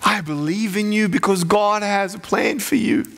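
Animated man preaching in a hall. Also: high-pitched, moderate pace, vocal fry. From Australia. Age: 30s. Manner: animated, playful, talks directly to the crowd. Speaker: guest chapel speaker. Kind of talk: motivational chapel sermon. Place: college chapel hall. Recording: echoey hall.

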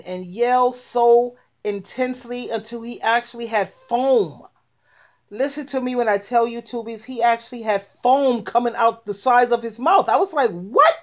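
Woman host chatting to her viewers, fairly high voice, animated storytelling. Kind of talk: casual chat.

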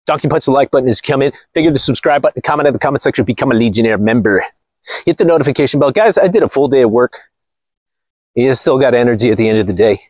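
A man's voice: medium pitch, rapid-fire, darkish tone, dry recording. A man hosting his own channel in a casual, rambling monologue, blunt and cursing casually. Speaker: channel host.

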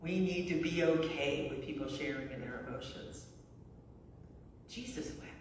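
Speaking at a normal pace in a low voice, a middle-aged pastor tells stories in a conversational sermon, frequently tagging lines with "right?" She was recorded in a church sanctuary from a distance, so the sound is echoey, and the background is noisy.

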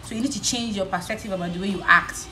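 A young Nigerian woman with a Nigerian accent, vlogging in a casual chat while she does her makeup, telling a story in an animated way. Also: medium pitch, fast talker, echoey room, soft background music, poor audio. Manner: animated storytelling, switching between English and Yoruba.

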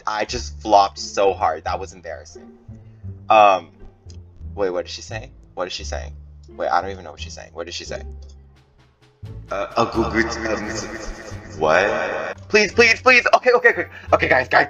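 A man giving excited gameplay commentary, his voice jumping high when tense. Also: measured pace, pauses often, muffled recording, faint music behind. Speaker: gaming YouTuber.

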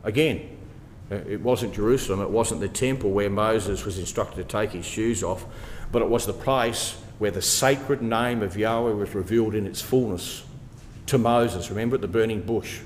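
A man's voice: lowish voice, moderate pace, a little hiss or hum. Guy preaching through a bible passage, asks lots of questions, keeps repeating the key point, big echoey hall. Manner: rhetorical questions, emphatic repetition. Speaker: Bible study speaker. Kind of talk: expository Bible talk. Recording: long hall reverb.

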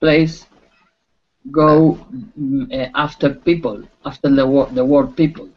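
A man's voice: medium pitch, steady tone, unhurried, highs cut off. A man answering in an English class, hesitant and searching for words, heard from across the room. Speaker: English student.

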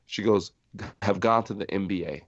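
A middle-aged man from New Jersey, a podcast guest telling stories in a lively way, acting out the people he quotes. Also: low voice, normal speed, dry recording. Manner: animated storyteller acting out quoted voices, laughing often. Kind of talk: storytelling in a podcast interview. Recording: dry muffled sound.

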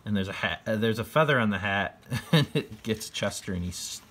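A man with a low voice retells a picture book in his own words, casual and loose. He rambles with fillers and restarts and chuckles often as he goes. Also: lively intonation, brisk, a bit bright, slight background noise. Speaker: book reader.

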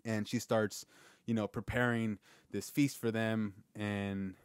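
A man's voice: fairly low pitch, flat delivery, slow pace, smooth, no room sound. Man, podcast host, earnest and rambling, casual reflective talk, dry close sound. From Southern California. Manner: rambling, earnest, many restarts and "right?".

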